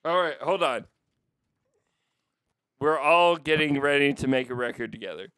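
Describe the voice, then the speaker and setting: Male podcast host, slightly high voice, brisk and directing, dry close mic. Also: fairly bright tone, clear, resonant tone, dry recording. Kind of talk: casual improv comedy chat.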